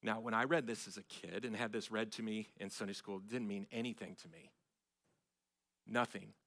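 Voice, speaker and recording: A middle-aged man, a pastor, preaching a sermon with emphatic swells of loudness on key phrases. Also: lowish voice, steady tone, normal speed. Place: church sanctuary.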